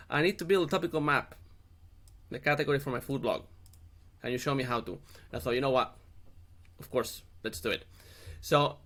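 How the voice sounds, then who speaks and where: A middle-aged man with a mid-range, slightly bright voice hosts a screen-share tutorial for his SEO channel. He's chatty and jokey, dropping in playful asides.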